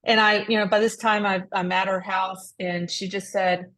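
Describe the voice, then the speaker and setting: A woman's voice: mid-range voice, flat delivery, moderate pace, a bit bright. A woman tells a heartfelt story on a ministry podcast. She talks earnestly and restarts her sentences often, in an everyday mid-range voice. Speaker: podcast co-host. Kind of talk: casual faith podcast chat.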